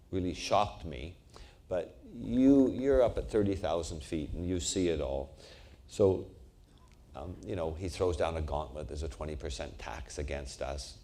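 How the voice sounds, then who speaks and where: A man's voice: deep voice, moderate pace, dark tone. A man from Canada asking a question at a public talk, speaking hesitantly with many fillers and repeats. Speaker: audience questioner.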